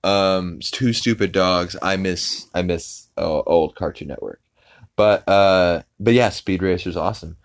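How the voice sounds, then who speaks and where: A man's voice: low voice, unhurried. A man hosting a podcast, casually recapping an episode in a rambling way full of fillers and restarts. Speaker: podcast host.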